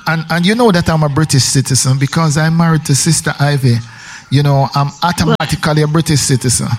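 Jamaican man on radio chat, a bit high voiced, rambling, repeats himself a lot. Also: steady tone, quick pace, a little hiss or hum. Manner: rambling, emphatic, with repetitions. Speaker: radio host.

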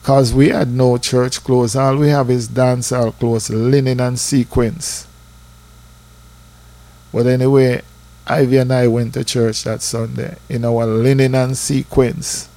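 A man's voice: medium pitch, a little slow. Jamaican man telling his testimony. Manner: lively storytelling, slips into patois. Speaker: church member giving testimony. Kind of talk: personal testimony storytelling.

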